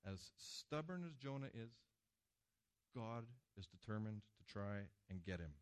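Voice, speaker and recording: A man preaching a sermon to a congregation, with emphatic swings between loud passages and hushed ones. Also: medium pitch. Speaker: pastor. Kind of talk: sermon with slides.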